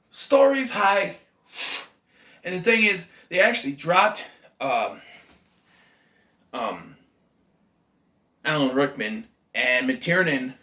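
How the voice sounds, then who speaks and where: A man's voice: a little high, sharp tone, reverberant. A man giving a casual, rambling, enthusiastic movie review, often correcting himself mid-sentence. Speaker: film reviewer.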